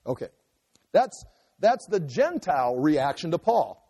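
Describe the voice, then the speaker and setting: Conversational preacher in a reverberant hall. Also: male voice, fairly high pitch, big pitch swings, measured pace, dark tone, husky. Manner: conversational, restarts and asides while explaining scripture. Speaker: pastor. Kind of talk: expository sermon.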